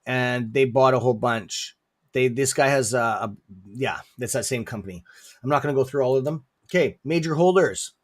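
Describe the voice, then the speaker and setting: A stock trading streamer rambles casually through market talk in a non-native English accent, sprinkling "okay?" everywhere and erupting suddenly at times. He speaks in a mid-range voice at a moderate pace; the recording is studio quality without echo.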